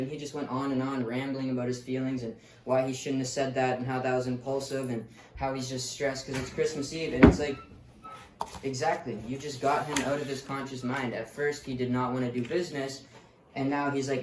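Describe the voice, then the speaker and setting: A man's voice: medium pitch, flat delivery, brisk. A man giving a casual, blunt sales lesson who swears freely and tells stories from his own calls. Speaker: sales coach. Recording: roomy, distant mic, faint noise.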